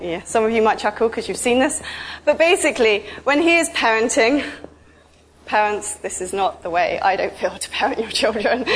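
A woman giving an informal, chatty sermon, telling stories with lively asides. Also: high voice, slight background noise. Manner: chatty, animated storytelling with asides. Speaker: preacher.

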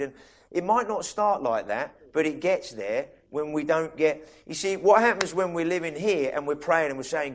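A man's voice: fairly high pitch, lively intonation. A man preaching a sermon in a conversational way, restarting sentences and asking listeners questions. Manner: conversational, with many quick restarts and asides to listeners.

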